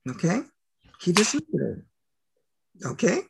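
An older man telling personal stories as an interview guest, emphatic and full of rhetorical questions, with a gravelly voice. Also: high voice, huge pitch swings, takes it slowly, background noise. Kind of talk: animated personal storytelling.

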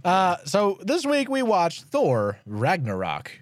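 An animated podcast co-host chatting casually, with a giggly, self-mocking way of talking. The pitch moves up and down a lot, full of life. The sound is dry and close. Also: slow pace, no echo. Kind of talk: casual chat.

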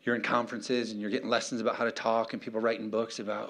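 A man's voice: mid-range voice, flat delivery, quick pace, hardly any pauses, a bit bright. A middle-aged male pastor preaching emphatically, firing off rhetorical questions and calling for amens. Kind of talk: sermon.

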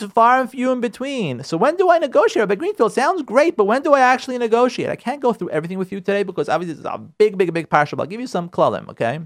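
A man preaching as a rabbi, his voice high and swinging widely in pitch. He repeats himself for emphasis and slips into quick mock voices of nagging spouses. It sounds like a radio talk. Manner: animated, repeats phrases, acts out nagging spouses. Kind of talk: lively sermon on marriage. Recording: radio broadcast.

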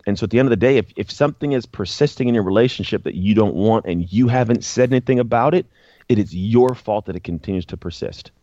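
A man's voice: fairly low pitch, fast talker, mellow, no room sound, muffled recording. A man guest speaking earnestly in a casual conversation, often repeating words as he thinks. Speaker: guest, former pro football player and author.

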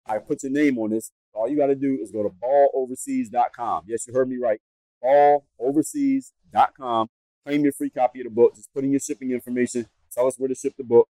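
A man's voice: medium pitch, fairly even intonation, fast, hardly any pauses, dark tone, no room sound, low-quality recording. An American man hosting a podcast, giving blunt, emphatic advice and repeating his points. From United States. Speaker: podcast host.

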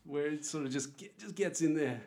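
A man's voice: a little high, fairly quick, darkish tone. Playful rambling man chatting. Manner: playful, rambling, restarts phrases. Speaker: podcast co-host. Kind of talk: casual chat.

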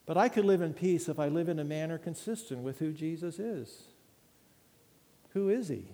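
A man preaching a sermon in an earnest, emphatic way, dropping to a hush at times. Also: fairly high pitch. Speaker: pastor. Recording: long hall reverb.

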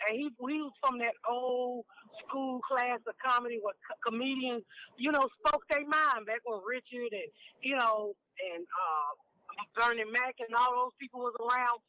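A woman comedian in her fifties, a guest on a phone interview, talking frankly and down to earth in animated stories. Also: a little high, moderate pace. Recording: tinny phone line.

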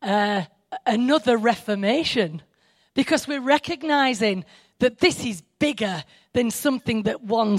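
Lively, excitable woman preacher. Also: on the high side, no echo. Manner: animated, excitable, self-interrupting with asides. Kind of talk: sermon.

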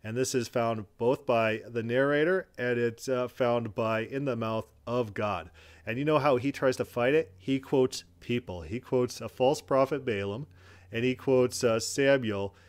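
A man giving reaction commentary in an indignant, emphatic way. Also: mid-range voice. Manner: indignant and emphatic, quick bursts.

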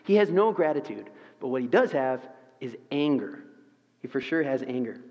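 A man preaching a sermon to a congregation, lively and acting out the characters in the story he reads. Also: mid-range voice, normal speed. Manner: animated, acts out the story's characters. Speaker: pastor. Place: church auditorium. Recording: muffled sound with a long hall reverb.

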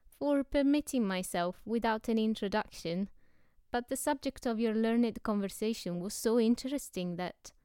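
A woman voicing a polite, eccentric foreign man who speaks in drawn-out, squeaky exclamations in an audiobook reading. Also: dark tone, clean tone, dry recording, studio quality, natural voice. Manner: effusive and overly polite.

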